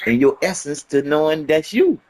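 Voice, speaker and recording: Animated man preaching in profane slang. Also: a little high, normal speed. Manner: emphatic, profane, repetitive preaching; casual street slang. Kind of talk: rambling motivational monologue.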